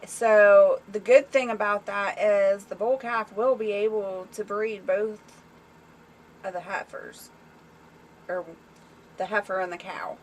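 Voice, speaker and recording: A woman hosting a casual farm livestream, talking excitedly and reading viewer comments aloud. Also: medium pitch, takes it slowly, long pauses, slight background noise. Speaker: small-farm livestream host.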